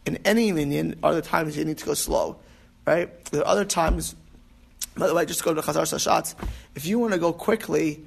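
A man's voice: on the high side, brisk, gravelly, breathy edge. A man teaching an informal class on prayer, rambling and restarting with emphatic asides. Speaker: rabbi teaching about prayer.

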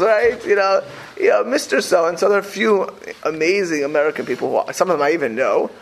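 High, gravelly man talking animatedly. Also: a little fast, slight background noise, low-quality recording. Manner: animated, rambling, heavy with fillers and restarts. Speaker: speaker. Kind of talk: casual talk on religious community life.

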